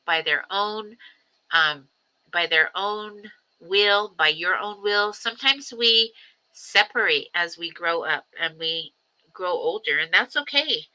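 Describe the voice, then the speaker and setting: A grandmother in her own livestream, talking slowly and thoughtfully and circling back to repeat her words. Her voice is a bit low for a woman but very bright and clear-edged, with lots of pauses and ums between thoughts. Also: animated, low-quality recording. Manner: reflective, repetitive, many ums and pauses. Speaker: livestream host. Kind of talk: personal livestream talk. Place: home livestream.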